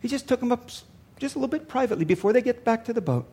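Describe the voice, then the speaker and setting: A man's voice: extremely high pitch, expressive, rapid-fire, darkish tone, breathy edge. An older man, a pastor, preaching a sermon earnestly and repeating lines for emphasis.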